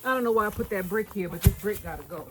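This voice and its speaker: A woman's voice: mid-range voice, quick pace, noisy background. A woman vlogging on her homestead, talking to herself and her animals while building a shelter, out of breath from the work. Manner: mutters to herself and her animals, outdoor chores. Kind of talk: casual self-talk while working. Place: outdoors on a homestead.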